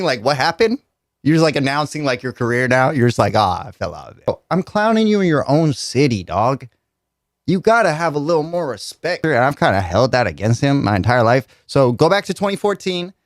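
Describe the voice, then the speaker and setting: A man's voice: on the high side, no room sound, studio quality. A young man, a radio host doing a mocking, joking comedy rant that repeats its lines. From United States. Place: radio studio.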